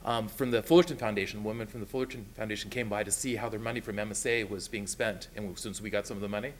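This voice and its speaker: A man's voice: fairly low pitch, steady tone, quick pace. A man telling an enthusiastic story at a school board meeting, acting out what people said. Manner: enthusiastic, acts out quotes in voices. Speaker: school program presenter.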